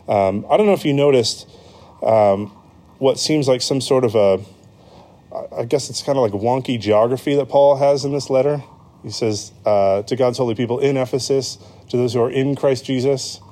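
Mellow-voiced American man preaching. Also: mid-range voice. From United States. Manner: conversational, with frequent ums and self-corrections. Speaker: pastor. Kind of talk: sermon.

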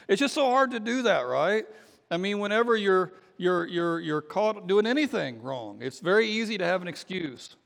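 A man preaching as pastor, his voice somewhat high and gravelly with fry. He talks casually and haltingly, full of fillers and restarts. The sound rings with the long reverb of a church hall. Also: lively intonation, fairly bright tone. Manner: acts out quoted voices in a story. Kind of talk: sermon with storytelling.

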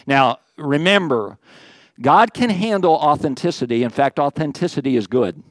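A man's voice: on the high side, animated, normal speed, dry recording. A man preaching a sermon in a conversational way, with joking asides and frequent checks with his listeners. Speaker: pastor.

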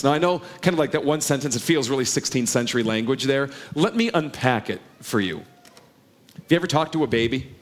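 A man's voice: mid-range voice, animated, a little fast. A middle-aged man preaching a sermon to a congregation, earnest and conversational, often asking the listeners questions. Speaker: pastor.

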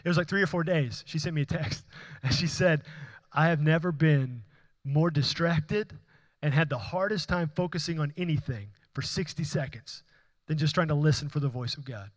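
A man's voice: on the high side, normal speed. A man preaching a sermon, speaking in an earnest, conversational way with frequent restarts. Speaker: pastor.

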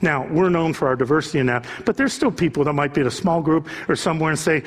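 Husky high-voiced male preacher. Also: a little fast. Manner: impassioned preaching that swells to a raised voice. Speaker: pastor. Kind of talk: sermon. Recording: long reverb of a large hall.

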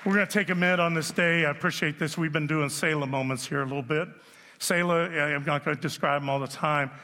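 A man in his sixties preaching a sermon as pastor, animated and joking with the congregation. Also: a little high, fast. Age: 60s. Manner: animated storytelling, jokes with the audience. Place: church auditorium. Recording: long reverb of a large hall.

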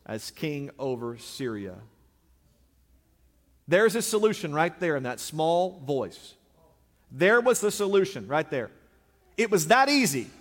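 A pastor preaching a sermon, building up with emphatic, repeated phrases. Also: male voice, on the high side, long reverb tail. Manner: preaching with rising emphatic repetition.

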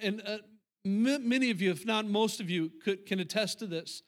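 In a church sanctuary, a middle-aged pastor with a high-pitched, slightly bright voice preaches to his congregation. He speaks conversationally and repeats phrases for emphasis.

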